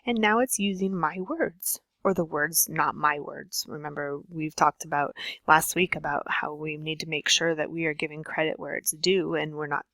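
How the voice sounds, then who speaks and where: A woman's voice: sits low, steady tone, moderate pace, fairly bright tone, no echo, rough recording. A woman teacher walking students through a computer task step by step, patient and instructive with frequent ums. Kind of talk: screen-share tutorial lesson.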